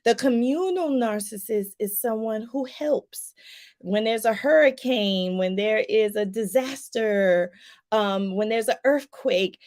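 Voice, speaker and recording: A woman life coach explains things casually to her viewers, her voice on the high side, slow and darkish. She's chatty and loose, with lots of fillers and acted-out examples.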